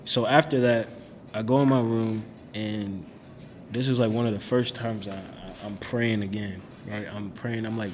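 A man's voice: lowish voice, steady tone, normal speed, in a large hall. A young man telling his faith story in a casual, slangy way, full of "like" and "bro". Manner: slangy, laid-back, lots of "like" and "bro".

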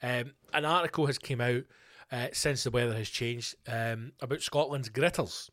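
A Scottish man hosting his own podcast from a home studio, rambling casually and swearing freely. His voice sits at a middle pitch. The microphone sounds close and dry. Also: moderate pace, dry recording. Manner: chatty, sweary and animated, prone to ranting. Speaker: podcast host.

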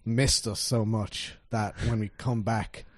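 A young Irish man co-hosting a podcast, telling stories with animated energy and the odd swear word. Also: on the low side, takes it slowly, no echo, studio quality. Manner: animated storyteller who swears for emphasis. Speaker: podcast co-host. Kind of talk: casual chat.

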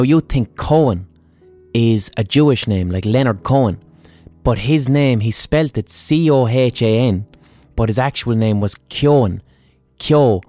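An Irish man chats through a history podcast in a blunt, offhand way, swearing freely and throwing in ums and side remarks. His voice sits at an ordinary middle pitch. The recording is close and dry, with no room sound. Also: a little mellow, dry recording. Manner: blunt and profane, with many ums and asides. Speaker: podcast host. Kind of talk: casual history podcast chat.

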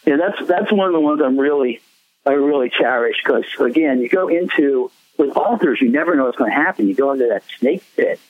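Musician dude rambling on a call, laughs a lot, swoops up and down, dry tinny sound. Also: male voice, medium pitch, brisk, no echo. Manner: rambling, animated, laughs often. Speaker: musician guest. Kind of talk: casual interview storytelling. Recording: tinny phone line, dry.

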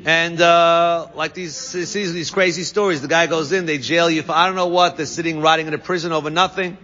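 A man teaching a Talmud class, reading Aramaic phrases and translating each one with quick asides. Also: on the high side, fairly even intonation, bright, forceful tone. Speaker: Torah teacher. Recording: dull sound with long reverb.

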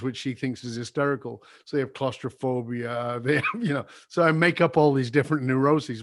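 Older man telling an earnest, confessional story. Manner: earnest, confessional, drops soft and low when recalling apologies. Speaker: guest. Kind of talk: reflective personal storytelling.

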